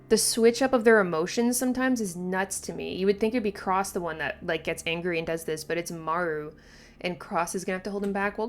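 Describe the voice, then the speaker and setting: Excitable woman reacting to a manga. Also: medium pitch. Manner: excitable, gasping, exclaiming. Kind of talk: casual reaction commentary.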